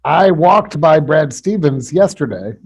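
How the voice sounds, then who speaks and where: A man's voice: fairly high pitch, expressive, unhurried, vocal fry, a little mellow, slightly rough. A man co-hosting a podcast, telling casual anecdotes with laughter and swearing. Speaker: podcast co-host.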